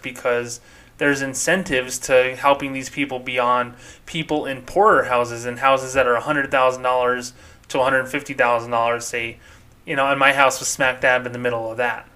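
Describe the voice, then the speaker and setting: A man's voice: mid-range voice, pushed and bright. A man hosting his own podcast, talking in a blunt, heated and sometimes profane monologue. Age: adult, former banker of thirteen years. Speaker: podcast host. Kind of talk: casual ranting monologue.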